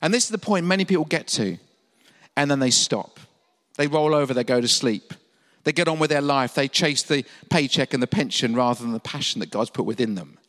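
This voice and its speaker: A man's voice: medium pitch, lively intonation, brisk, a bit bright, long reverb tail. A man from England preaching a sermon as pastor, asking his listeners questions and acting out the quotes he tells.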